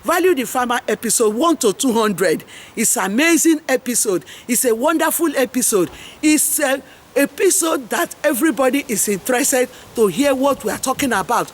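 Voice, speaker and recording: A woman's voice: high voice, expressive, moderate pace. A middle-aged woman with a Nigerian English accent, hosting an impassioned, rambling monologue full of preachy, repeated slogans. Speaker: host and farmers' advocate.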